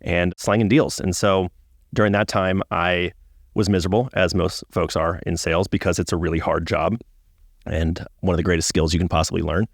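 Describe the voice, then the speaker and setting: A man's voice: low-pitched, fairly even intonation, moderate pace, creaky, no echo, studio quality. A man, telling self-mocking, profane stories as a podcast guest. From Atlanta, US. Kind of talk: casual interview storytelling.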